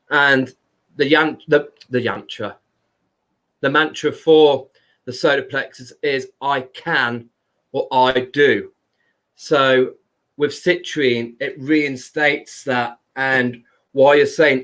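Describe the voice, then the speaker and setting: A man hosting a live stream, talking casually and loudly to his viewers. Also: medium pitch, steady tone. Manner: unhurried, chatty, talks to viewers by name; loud speaking voice.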